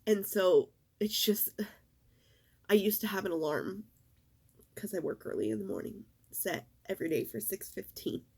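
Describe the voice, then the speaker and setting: A middle-aged woman in a casual vlog, talking in a halting, emotional way and fighting back tears. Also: medium pitch, lively intonation, vocal fry, darkish tone, breathy edge. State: tearful. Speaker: vlogger.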